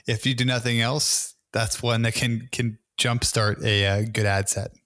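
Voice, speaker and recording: A man's voice: mid-range voice, steady tone, a little slow, a bit bright, no echo, studio quality. A man co-hosting a marketing podcast, talking casually with fillers.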